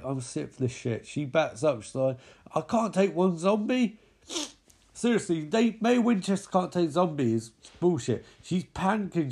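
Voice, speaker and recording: A man's voice: fairly high pitch, vocal fry, darkish tone, breathy edge. A man giving a mocking, profane recap of a zombie film with lots of exclamations. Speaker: film commentator.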